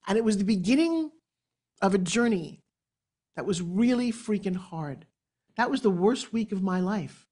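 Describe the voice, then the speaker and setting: A woman in her sixties from New York, with a New York accent, giving a motivational keynote speech on stage with dramatic, animated storytelling. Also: medium pitch, moderate pace. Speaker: motivational speaker. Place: event stage before an audience.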